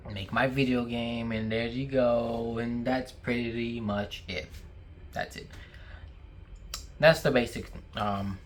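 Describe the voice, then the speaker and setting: A man's voice: medium pitch, a bit bright, a little hiss or hum. Young guy vlogging with his mouth full, rambly, lots of um and you know. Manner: rambling and halting, full of fillers and restarts; talking while eating. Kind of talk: casual talk to camera.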